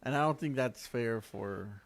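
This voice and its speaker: A man's voice: medium pitch, a little slow, gravelly. A male radio co-host with an ordinary mid-range voice who chimes in with short, dry answers. He speaks in a casual, easygoing studio chat. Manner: brief, dry replies. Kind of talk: casual sports talk radio.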